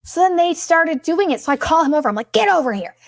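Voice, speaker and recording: A young woman hosting a podcast, telling a vacation story in a blunt, profane, animated way and acting out what people said. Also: extremely high pitch, fast, no room sound, studio quality. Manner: blunt and profane, animated retelling with quoted asides. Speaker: podcast host. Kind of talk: casual storytelling monologue.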